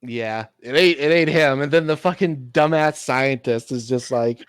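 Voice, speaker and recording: A man's voice: on the high side, moderate pace, a bit bright, clean tone, no echo. A man co-hosting a casual podcast chat, laid-back and chuckling, swearing freely.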